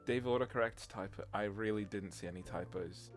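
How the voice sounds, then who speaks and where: A man's voice: fairly low pitch, fairly quick, soft background music. A young British man, a streamer, rambling through a casual chat and laughing often. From Britain.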